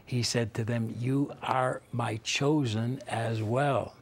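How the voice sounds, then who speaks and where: An older male televangelist preaching with dramatic swings from loud declarations to hushed whispers, husky voice. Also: mid-range voice, steady tone, slow. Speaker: televangelist host. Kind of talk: fiery preaching commentary.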